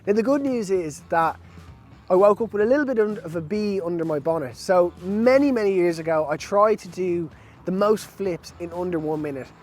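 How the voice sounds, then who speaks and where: Chatty, high-voiced man outdoors. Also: normal speed, a little mellow, faint music behind. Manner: chatty, upbeat and self-amused. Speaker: wakeboarding vlogger. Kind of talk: casual chat to camera. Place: outdoors on a lake by a boat.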